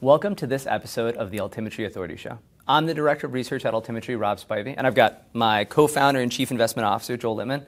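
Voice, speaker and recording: A man hosts a business interview, talking quickly in a brisk, conversational way. His pitch sits in an ordinary middle range, and he slips in casual fillers as he sets up the topic. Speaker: host, research director.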